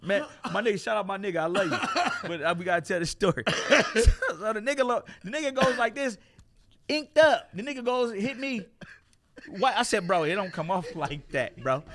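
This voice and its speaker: Gravelly, bright-voiced male comedian. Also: a little fast, slight background noise. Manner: animated, laughing, swearing often, shouts at punchlines; drops low and quiet when reflective. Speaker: comedian guest. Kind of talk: casual storytelling interview.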